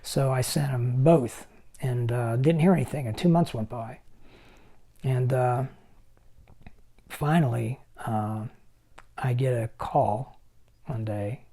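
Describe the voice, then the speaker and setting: A man in his sixties with a mellow, warm tone, spinning animated anecdotes as an interview guest. He slips in and out of other people's voices while he tells his stories. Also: medium pitch, slow, long pauses. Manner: animated storyteller who acts out other people's lines. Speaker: special effects makeup artist guest. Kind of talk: anecdotal storytelling.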